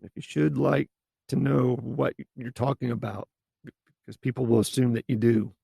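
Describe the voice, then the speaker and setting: A man hosts a solo coaching podcast and speaks in a blunt, casual way. His voice is deeply gravelly and husky. The recording is dry and close. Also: mellow, no echo. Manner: blunt, casual, mild swearing. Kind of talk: solo podcast advice talk.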